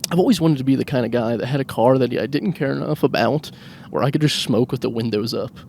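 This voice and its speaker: A man's voice: medium pitch, fast talker, gravelly, darkish tone, a little hiss or hum. A man hosting a solo podcast while driving a car. He rambles comically, mocks himself and laughs at his own jokes. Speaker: podcast host. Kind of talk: solo rambling comedic monologue.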